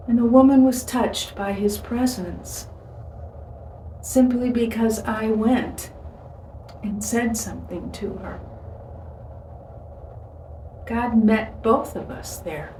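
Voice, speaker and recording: Woman doing a slow devotional talk, earnest storytelling, kinda far off, faint hiss. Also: a little high, darkish tone. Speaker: devotional speaker. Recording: echoey room, voice from a distance, faint hiss.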